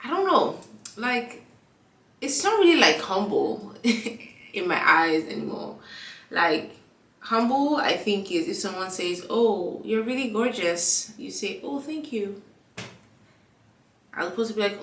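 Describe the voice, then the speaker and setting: A woman's voice: medium pitch, very animated, slow pace, pauses often, a bit bright, distant mic. A young woman vlogging in a casual chat with a stuffy nose and a frog in her throat, full of fillers and acted-out dialogue. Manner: chatty, lots of fillers, acts out quoted dialogue. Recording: echoey room, away from the mic.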